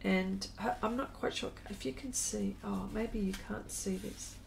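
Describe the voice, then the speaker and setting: Slow, gravelly-voiced middle-aged woman. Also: medium pitch, steady tone, a little hiss or hum. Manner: chatty, unhurried, reads viewer comments aloud. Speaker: artist hosting a live stream. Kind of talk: casual chat while drawing.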